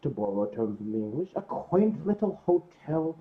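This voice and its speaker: A man's voice: a little high, big pitch swings, normal speed. A man voicing an ancient male celestial dragon, a theatrical and wry storyteller on a live stream, heard over a call line. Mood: storytelling. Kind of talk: live stream banter in character. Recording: tinny phone-like call line.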